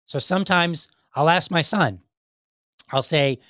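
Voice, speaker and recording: A man's voice: fairly high pitch, a little slow, fairly bright tone, no room sound, clean studio sound. A man hosting a podcast, giving casual, earnest commentary on videos, talking in a rambling way with restarts. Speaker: podcast host.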